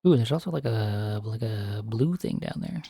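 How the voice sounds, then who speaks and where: A man's voice: on the low side, expressive, moderate pace, vocal fry, mellow, breathy edge, no echo, studio quality. An American man streaming a fishing game, chatting casually and rambling through opinionated tangents. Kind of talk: casual gameplay chat.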